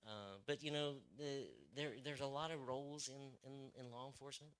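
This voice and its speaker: A man's voice: mid-range voice, steady tone, normal speed, fairly bright tone, smooth. A young man, a police officer, speaking as a guest to a church group in a rambling, casual way with many fillers and restarts.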